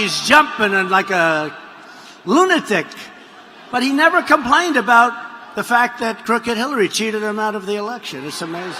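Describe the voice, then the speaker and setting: A man giving a campaign rally speech, rambling and mocking, repeating himself and breaking into shouts. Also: sits high, a little hiss or hum. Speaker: politician addressing a rally. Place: large rally venue. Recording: long arena reverb, faint crowd ambience.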